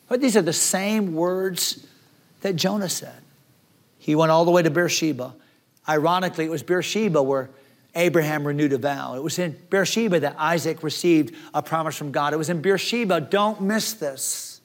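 A man's voice: a little high, moderate pace. A man preaching a sermon as pastor, acting out the despairing words of the people in his story. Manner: dramatic, acts out despairing voices.

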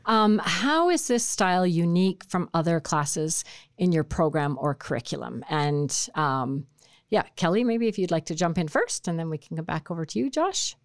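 A woman hosts a podcast interview with a slightly low voice that moves a lot in pitch. She asks questions in a curious, conversational way, in a dry, close sound. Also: animated, moderate pace, no room sound. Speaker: podcast host.

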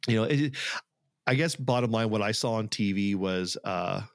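A man's voice: lowish voice, normal speed, no echo, studio quality. A man co-hosting a podcast, talking casually and earnestly, rambling with fillers and restarts. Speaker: podcast co-host. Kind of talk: casual chat.

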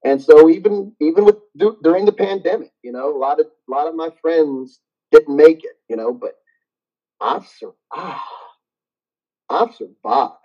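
A man's voice: a little high, moderate pace. A middle-aged man, a gym owner, telling stories animatedly as a guest in a casual interview and laughing often. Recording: dull lo-fi sound.

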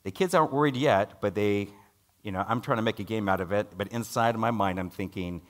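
Speaking a little fast, a middle-aged man preaches and recounts something from his own life. He gets loud when quoting dialogue and turns low and hushed when expressing worry.

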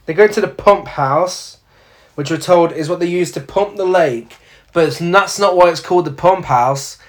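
A man's voice: sits high, moderate pace. A man, casually recapping a film's plot with sweary, sardonic asides. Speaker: podcast co-host. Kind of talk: casual film review chat.

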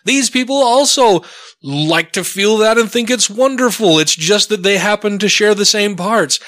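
A man's voice: sits high, moderate pace. A man co-hosting a podcast, telling stories in casual, profane chat and acting out the people he quotes. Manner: profane, animated storytelling with acted quotes. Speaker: podcast co-host.

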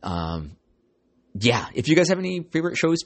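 A man's voice: fairly high pitch, big pitch swings, moderate pace. A man in his forties hosting a casual solo podcast, telling rambling stories with swearing and lots of "dude.". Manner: rambling storytelling, swears, calls listeners "dude". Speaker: podcast host.

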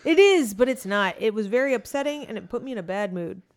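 A woman's voice: fairly high pitch, animated, quick pace. A woman co-hosting a casual podcast, sarcastic and swearing, playing up her annoyance. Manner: sarcastic, swearing, mock-furious. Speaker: podcast co-host. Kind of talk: casual chat.

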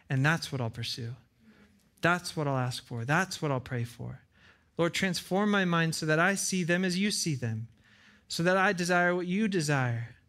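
A man's voice: on the high side, a bit bright. A man preaching a sermon as pastor in a church, earnest, repeating phrases for emphasis and acting out short dialogues. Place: church with side screens.

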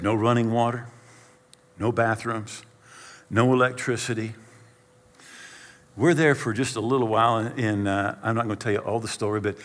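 A man's voice: mid-range voice, long reverb tail. A middle-aged male pastor telling a humorous personal story in a sermon, acting out scenes and poking fun at himself. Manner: animated, self-deprecating storyteller acting out scenes.

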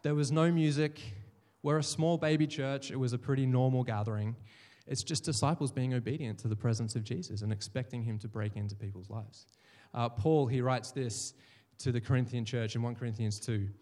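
A male pastor preaches in a church hall, his mid-pitched voice carrying a long reverb tail. He tells stories and slips into the voices of the people he quotes. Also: a little fast, few pauses, mellow. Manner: storytelling, acts out quoted voices. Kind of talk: sermon.

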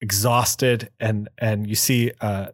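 A man co-hosting a comic book podcast, casually retelling a plot and slipping into quick voices for the characters. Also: on the low side, flat delivery, dry recording, clean studio sound. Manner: acts out quotes in quick voices.

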